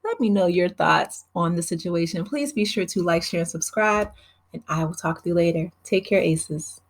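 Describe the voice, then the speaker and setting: A woman talking in a slightly low voice, chatting through a reality TV recap for her channel. She is opinionated and loose, with plenty of "you know" and "um" as she goes. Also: moderate pace. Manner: chatty, many fillers, opinionated asides. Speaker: TV recap vlogger. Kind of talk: casual recap chat.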